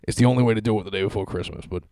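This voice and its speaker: A man in his thirties talks through a solo podcast episode from his basement, swearing freely and mocking himself as he rambles. His voice sits on the low side, and the close mic sounds dry with hardly any room sound. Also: very fast, mellow, no room sound. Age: 30s. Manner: profane, self-mocking rambling storytelling. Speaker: podcast host. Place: basement at home.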